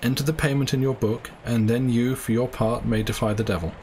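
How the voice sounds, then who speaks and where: A man playing a worldly, cynical male doctor who talks calmly and persuasively, lecturing and coaxing. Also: medium pitch, fairly quick, slight background noise, close to an everyday voice.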